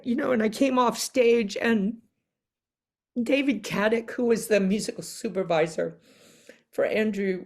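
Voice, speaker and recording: A woman guest in an interview, telling stories in a casual, animated way and acting out the people she quotes. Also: on the low side. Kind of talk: casual storytelling in a sit-down interview.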